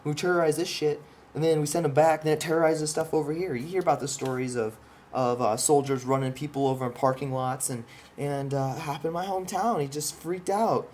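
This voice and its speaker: His voice is fairly high yet darkish, steady in tone and brisk. The vlogger explains his ideas in a rambling, passionate monologue full of profanity and restarted sentences, pointing at a drawing, with slight hiss or hum behind him.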